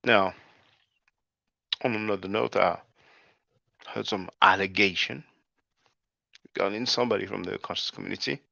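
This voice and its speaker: Dude rambling casual commentary to his viewers, kinda low voice, dry dull lo-fi audio. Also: fairly even intonation, normal speed, creaky, long pauses, bright, forceful tone, no room sound. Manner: loose and conversational, often says "man"; addresses viewers as brothers and sisters. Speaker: channel host.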